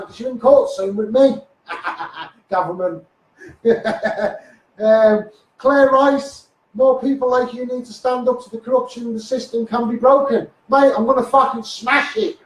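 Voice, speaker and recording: A man with a Liverpool accent ranting in a Facebook live monologue, swearing and firing repeated asides at his viewers, recorded on a phone. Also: extremely high pitch. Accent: Liverpool (Scouse). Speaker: self-styled activist livestreamer. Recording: echoey room, far from phone mic.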